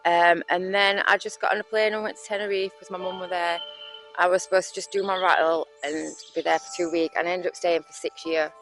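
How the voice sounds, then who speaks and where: A woman with a Yorkshire accent from West Yorkshire, telling her own life story candidly, halting with fillers and restarts, and swearing bluntly. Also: lowish voice, steady tone, soft background music, low-quality recording. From West Yorkshire, England. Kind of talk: candid personal testimony.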